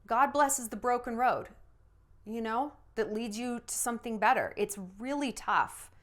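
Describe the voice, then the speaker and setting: Brief: sassy thirty-something woman, slightly high voice, blunt advice to camera, theatrical quoted asides. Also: a little slow. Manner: blunt, sassy, talks straight to the viewer; acts out quoted voices with big swings in pitch and loudness. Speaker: dating advice YouTuber. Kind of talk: direct-to-camera advice talk.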